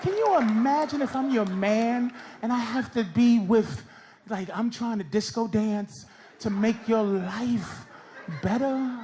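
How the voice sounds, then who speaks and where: A man's voice: extremely high pitch, takes it slowly. A man doing stand-up in a comedy club, brashly mocking audience members with profane crowd work. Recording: loud crowd laughter, club noise.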